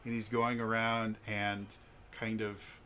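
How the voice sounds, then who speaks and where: A man's voice: on the low side, monotone, takes it slowly, pushed and bright, a little hiss or hum. A man running a tabletop game as game master, talking casually with lots of filler words and playful asides.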